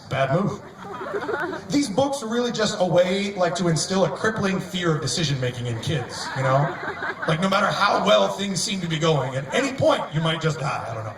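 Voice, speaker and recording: A man doing a live stand-up set on an outdoor stage, wry and deadpan, sometimes laughing at his own jokes. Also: on the high side, fairly quick. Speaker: stand-up comedian. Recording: echoey, distant mic, noisy outdoor crowd. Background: outdoor crowd ambience.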